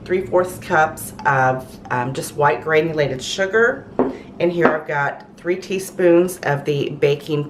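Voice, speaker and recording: Chatty woman hosting a cooking show. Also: low-pitched. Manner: chatty, many ums and restarts. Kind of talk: casual cooking demonstration. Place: home kitchen. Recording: roomy echo, mic far off, noisy.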